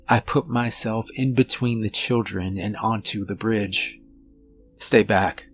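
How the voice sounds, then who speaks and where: Male horror narrator, low voice, very slow and measured, faint music bed. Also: steady tone. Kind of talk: scripted narration.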